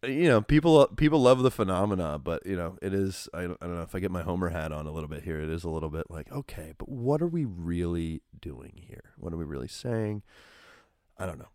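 Deep-voiced guy rambling about hoops on a podcast, dry mic, lots of um and like. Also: fairly quick, no room sound. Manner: rambling, animated, many fillers and restarts. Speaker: podcast co-host. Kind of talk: casual sports chat.

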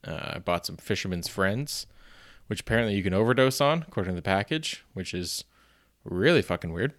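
On his own podcast, a man chats casually and rambles, running himself down with plenty of "you know"s and the occasional swear word. His voice sits on the low side and sounds expressive and a bit bright, with a slightly fast delivery.

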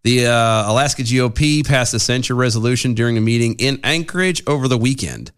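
A man's voice: mid-range voice, brisk, clean tone. A man co-hosting a casual news podcast, reading items aloud and then arguing his opinion. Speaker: podcast co-host. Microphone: studio mic with pop filter.

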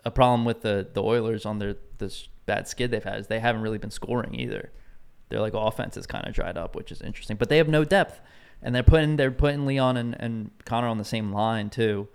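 A man co-hosting a casual sports chat, ranting bluntly with plenty of swearing, his voice getting a little hoarse. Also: fairly low pitch, fairly quick. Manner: blunt, profane, animated ranting. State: losing his voice. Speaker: podcast co-host.

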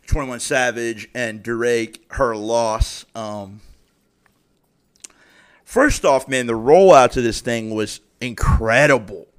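A young man talks through his solo podcast in a loose, unscripted way. He swears constantly and gets worked up as he tells a story. His voice sits at an ordinary middle pitch for a man. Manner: heavy profanity, animated and exasperated storytelling. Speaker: podcast host. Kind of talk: casual solo podcast rant.

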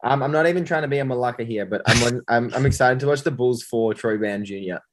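A man's voice: mid-range voice, fast. An Australian man in a casual late-night podcast chat, rambling, swearing and laughing at his own jokes. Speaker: podcast co-host.

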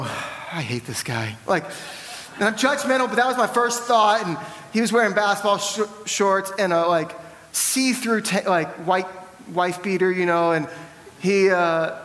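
A man's voice: high-pitched, fairly bright tone, big-room sound. A young man from the South, preaching a sermon in a church and telling candid, self-deprecating stories. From American South. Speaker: pastor. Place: church hall.

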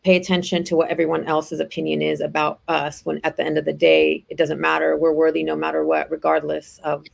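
A woman host giving calm, affirming replies to her guest. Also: low voice, fairly quick, creaky, few pauses. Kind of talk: supportive interview replies.

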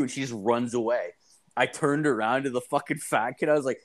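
A man's voice: mid-range voice, a little fast. A young man telling a story in casual chat, swearing constantly and acting out the people he quotes. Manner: profane, animated, acts out quotes.

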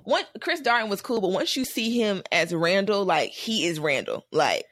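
A woman co-hosting a casual chat show, talking in an animated, jokey way with playful asides. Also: medium pitch, normal speed, no room sound, clean studio sound. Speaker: podcast co-host.

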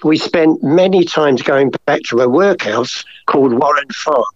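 A man's voice: a little high, a little slow, no room sound. Chatty older Englishman, rambling stories. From England. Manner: rambling, chatty, many asides. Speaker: guest, painter. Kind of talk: casual storytelling interview. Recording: slightly dull lo-fi audio.

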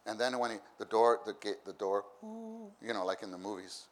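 A man's voice: on the low side, wildly swooping pitch, moderate pace. A man preaching a conversational sermon at a church meeting, repeating phrases and acting out the voices of people in his stories. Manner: repeats phrases, acts out voices with bursts of laughter.

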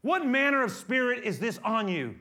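A man voicing Jesus as an adult man sternly rebuking his followers, in a shouting, impassioned tone inside a sermon. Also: very high voice, very animated, normal speed, pitched above the performer's own voice, full character voice. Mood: stern rebuke. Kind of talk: acted quote within a sermon.

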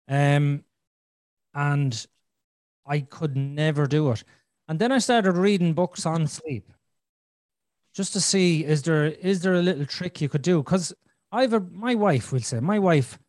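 A man's voice: a little high, darkish tone, dry recording, studio quality. A man in his thirties hosting a podcast, telling a frank, rambling personal story and swearing freely. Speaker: podcast host. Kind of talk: candid conversational storytelling.

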